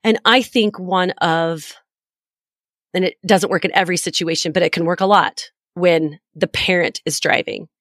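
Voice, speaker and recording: A woman's voice: fairly low pitch, steady tone, moderate pace, fairly bright tone, dry recording. Woman in her forties, parent coach podcast host: candid and reflective, short broken phrases, dry close mic. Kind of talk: podcast storytelling.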